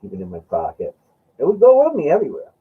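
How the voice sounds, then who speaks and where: Husky man telling rambling stories. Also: on the high side, wildly swooping pitch, fast. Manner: rambling, laughing, acts out friend's lines. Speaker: host. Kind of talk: casual storytelling chat. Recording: dull lo-fi sound.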